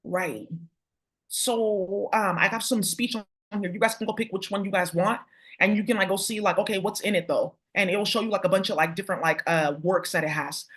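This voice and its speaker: A woman's voice: medium pitch, a little fast, fairly bright tone. A woman vlogger talking casually to her viewers, rambling, swearing and turning confrontational. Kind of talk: casual spiritual rant to viewers.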